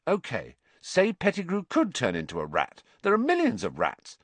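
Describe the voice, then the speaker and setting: A man's voice: fairly high pitch, huge pitch swings, moderate pace, no echo, pitched above the performer's own voice. A man voicing a nervous teenage boy who protests weakly. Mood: protesting. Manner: weak, protesting.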